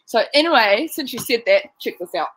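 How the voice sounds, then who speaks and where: A woman's voice: on the high side, lively intonation, a little fast, fairly bright tone, no room sound. A woman chatting over a video call, laughing and acting out what others said. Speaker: netball player, guest. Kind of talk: casual video call chat.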